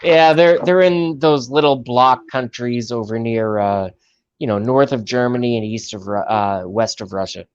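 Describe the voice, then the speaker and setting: A man in his late thirties from the United States, rambling through long explanations peppered with "uh" in an easygoing chat. His voice sits at an ordinary middle pitch. The sound is dull and lo-fi, dry and close, with no room behind it. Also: normal speed, clear, resonant tone, no echo. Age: 30s. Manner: rambling, explains at length with fillers. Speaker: chat guest. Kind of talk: casual chat.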